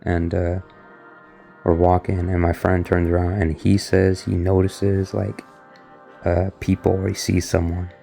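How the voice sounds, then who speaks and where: Low, flat, gravelly young man. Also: a little slow, soft background music. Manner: loose and rambling, heavy on filler words. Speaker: vlogger recounting an experience. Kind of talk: casual spoken retelling.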